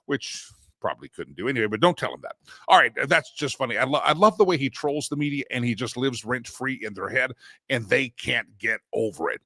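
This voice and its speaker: A man's voice: medium pitch, animated, brisk, bright, forceful tone, no echo, clean studio sound. A man hosting a morning talk show, chatty and joking, with rambling asides. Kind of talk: casual news commentary show.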